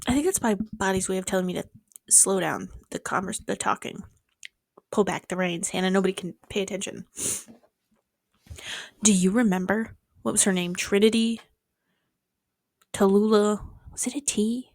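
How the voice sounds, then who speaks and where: Young woman, rapid rambling chat, sarcastic and sweary, dry close-mic sound. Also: mid-range voice, fairly even intonation, gravelly, darkish tone, dry recording. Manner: fast-talking, swears freely, sarcastic asides. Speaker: vlogger. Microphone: close mic held near the mouth.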